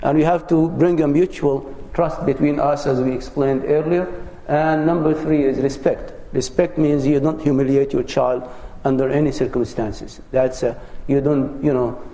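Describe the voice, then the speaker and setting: A man's voice: mid-range voice, steady tone, normal speed, warm tone. A man giving an earnest, conversational lecture as a religious teacher, sharing personal anecdotes with his audience. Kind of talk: lecture on parenting. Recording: roomy hall with long reverb.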